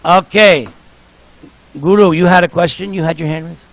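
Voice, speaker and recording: A man's voice: high voice, steady tone, moderate pace, no echo, poor audio. Jovial older man telling temple stories. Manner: jovial, joking storyteller. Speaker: speaker at a temple program. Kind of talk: sermon with anecdotes.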